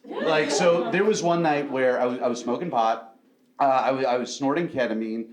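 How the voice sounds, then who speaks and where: A man's voice: medium pitch, moderate pace, crowd noise. A man doing a stand-up set on a club stage, rambling loosely and laughing at his own jokes. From American South. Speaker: stand-up comedian. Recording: roomy club with loud noise.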